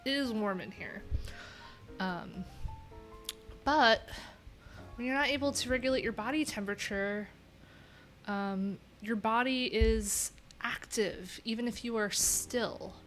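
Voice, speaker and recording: A woman's voice: a little high, slow, pauses often, a bit bright, faint music behind. A woman from New York with a nasal voice, chatting candidly and rambling on a casual livestream from a room at home.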